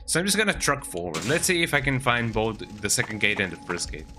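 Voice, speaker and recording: Music runs in the background as a man with a mid-range voice talks fast through his video game stream. Sitting at home with his cat on his lap, he chats lively and casually with viewers, ending many sentences with "eh?".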